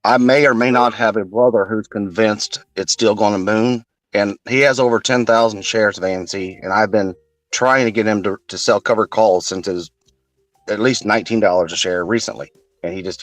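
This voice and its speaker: A man's voice: lowish voice, normal speed, no room sound, soft background music, rough recording. A man in a casual live chat, telling long, wry, rambling stories. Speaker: participant.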